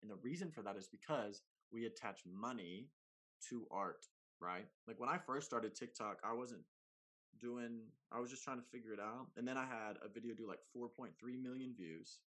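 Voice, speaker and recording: Brief: man, mid-pitched, animated slangy talker, casual podcast guest. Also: moderate pace. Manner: animated, slangy, big swings in pitch and loudness. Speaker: comedy content creator guest.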